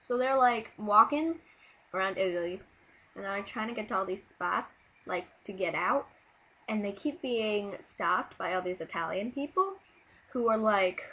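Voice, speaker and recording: A woman's voice: mid-range voice, normal speed, slightly rough, highs cut off. Sick woman rambling through a silly story. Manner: silly, animated, with sudden loud bursts. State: sick, low on energy. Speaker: vlogger. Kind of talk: casual rambling storytelling to camera.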